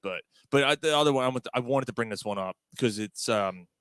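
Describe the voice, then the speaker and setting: A middle-aged man hosts a casual talk show. He tells stories in an animated way, laughing and swearing as he goes, at a mid pitch in a dry, close room. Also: fast talker, no room sound. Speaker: podcast host. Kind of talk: casual chat.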